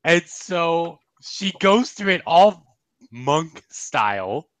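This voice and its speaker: Young male co-host, unhurried delivery, dry close sound, giggly. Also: on the high side, very animated, no echo, low-quality recording. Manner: laughs often, quotes comedy lines. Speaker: podcast co-host reviewing a cartoon episode. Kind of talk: casual chat.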